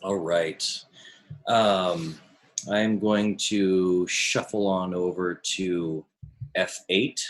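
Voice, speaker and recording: A man's voice: low-pitched, fairly even intonation, drawn-out words. A man playing a tabletop game, hesitant and thinking aloud about his moves. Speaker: player. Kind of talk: tabletop game play over voice chat.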